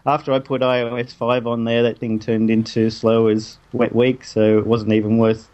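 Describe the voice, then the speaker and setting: A man's voice: medium pitch, flat delivery, normal speed, a little mellow, highs cut off. A man, co-hosting a casual tech chat, rambling with plenty of fillers. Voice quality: rambling, hesitant, lots of fillers. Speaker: tech podcast co-host.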